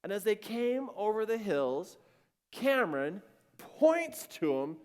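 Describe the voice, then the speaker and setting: A man giving an animated storytelling sermon to a live audience and acting out the voices in his story. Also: high voice, takes it slowly. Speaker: speaker. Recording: long-reverb hall.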